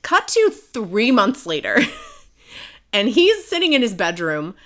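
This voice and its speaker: A woman's voice: fairly high pitch, huge pitch swings, a little slow, fairly bright tone. A woman co-hosting a podcast in casual chat, giggly and rambling, with lots of fillers. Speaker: podcast co-host.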